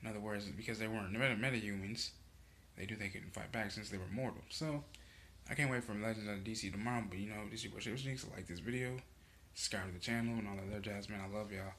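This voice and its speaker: Low-voiced man rambling through a recap. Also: fast, fairly bright tone, slight background noise. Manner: rambling, heavy on "you know" fillers, profane slang. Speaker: show reaction vlogger. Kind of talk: casual episode recap.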